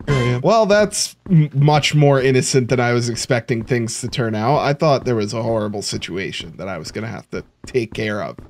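A man's voice: medium pitch, lively intonation, fairly quick, few pauses, a little mellow. A man joking sarcastically through a let's play commentary. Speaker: gamer.

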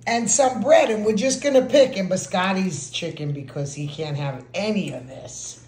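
A woman's voice: medium pitch, moderate pace, a little mellow, roomy sound. A woman hosting a home cooking vlog, chatting casually and laughing easily as she shows her food. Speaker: home cook vlogger. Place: home kitchen.

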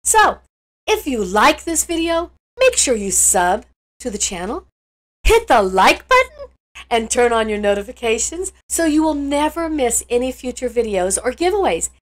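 A woman hosting a gameplay video speaks at a moderate pace in a fairly high, sing-song voice, gushing with sweet enthusiasm and gasping often during her excited commentary. The recording is low-quality.

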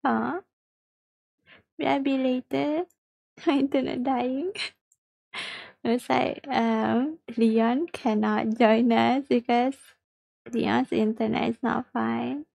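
A woman's voice: fairly high pitch, fairly even intonation, slow, creaky, long pauses, darkish tone, no room sound, muffled recording. A woman livestreaming a mobile game, chatting casually with viewers, reading chat aloud and giggling often.

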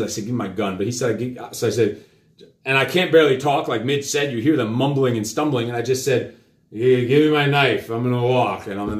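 A man hosting a live show, telling a story to his children in a rambling, profane, casual way. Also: medium pitch. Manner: rambling, profane, with many fillers. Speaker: host and father. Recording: roomy echo.

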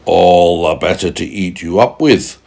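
A man's voice: low-pitched, measured pace, gravelly, darkish tone, full character voice. A man voicing a sly, hungry male wolf in a bedtime storybook, speaking in a smug, scheming way. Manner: smug, tricky storybook villain.

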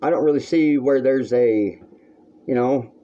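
A man's voice: medium pitch, measured pace, warm tone. A man on his own vlog, talking in a crude, rambling and heated rant to the camera from a room at home, on a dull lo-fi recording. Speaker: vlogger. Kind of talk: ranting monologue to camera.

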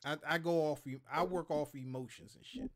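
Brisk and fairly high-pitched, this man is in his thirties and comes from Maryland, USA. He co-hosts a gaming talk show, telling profane stories on a casual livestream and animatedly acting out other people's lines.

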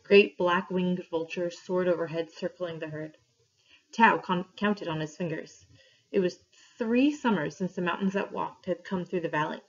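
Teacher lady reading a story out loud to the class, lowish voice, muffled lo-fi recording. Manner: clear, steady reading with pauses for questions. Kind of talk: read-aloud story for a class. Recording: dull lo-fi recording.

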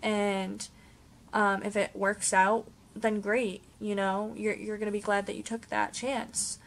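A young woman vlogging casually to camera at home, rambling with many pauses and ums. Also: mid-range voice, level tone, vocal fry. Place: home, indoors.

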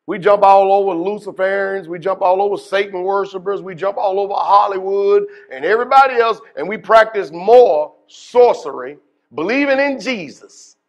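High-voiced preaching pastor. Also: male voice, normal speed, muffled recording. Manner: preaching with rhetorical questions to the congregation; swings between hushed asides and loud emphatic bursts. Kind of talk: deliverance workshop sermon.

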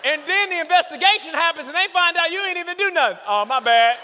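A man preaching a comedic sermon in a large church hall, telling animated stories about his kids with shouted punchlines. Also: extremely high pitch, fast talker, some chatter behind, slight background noise. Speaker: guest preacher. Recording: long hall reverb.

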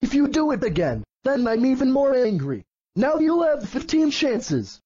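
A man doing a shrill, fed-up cartoon dinosaur who scolds in a high, jumpy voice and keeps hammering the same threats over and over. The sound is bone-dry and close, as if from a computer voice. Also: sing-song, moderate pace, dark tone, slightly rough, no room sound, muffled recording, full character voice. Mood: scolding. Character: angry purple dinosaur, male, fed up.

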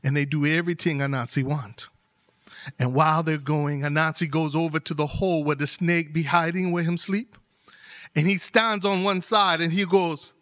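A male storyteller tells a folktale aloud with animated, rhythmic repetition. His voice sits high and sounds bright and forceful. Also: normal speed.

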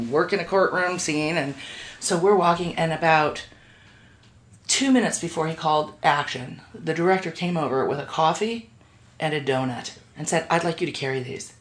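A middle-aged woman on a podcast, telling an anecdote with lively voiced-out quotes as the interview guest. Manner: acts out quoted voices, swings pitch widely.

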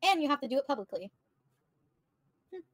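A woman's voice: sits high, sing-song, a little fast, no echo. A woman livestreaming, bluntly and profanely venting to her chat. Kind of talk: casual livestream rant to chat.

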